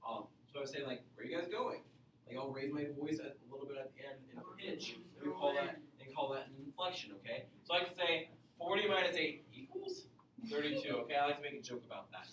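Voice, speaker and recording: A man teaching algebra to a class, energetic, asking the students questions and repeating key points. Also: mid-range voice, fast, few pauses. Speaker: math teacher. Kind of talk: classroom lecture. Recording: echoey classroom from far off, faint noise.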